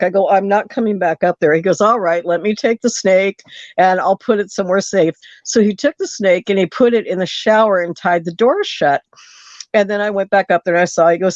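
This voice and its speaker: A woman caller telling a story on a late-night call-in show, animated and acting out the quotes. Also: on the low side, fairly quick, dry recording, dull audio.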